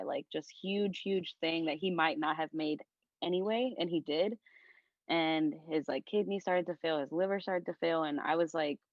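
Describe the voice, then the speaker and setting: A young woman who creates content talks casually on a podcast, heartfelt and earnest, with "like" peppered throughout. Her voice is deep, and the lo-fi recording sounds dull with no room sound.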